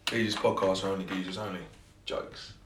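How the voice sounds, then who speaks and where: A young male fitness and confidence coach talks casually and bluntly on a podcast, swearing and laughing at his own jokes. His voice is low and fairly flat in pitch, his pace fairly quick. The room is echoey, with some background noise.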